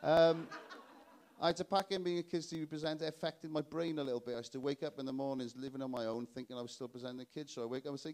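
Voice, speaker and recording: Welsh stand-up comic, self-mocking. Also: male voice, mid-range voice, fairly even intonation, racing, darkish tone. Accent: South Welsh. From South Wales. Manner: chatty, self-mocking, punchy delivery. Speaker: stand-up comedian. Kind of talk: stand-up comedy set. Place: live stage before an audience.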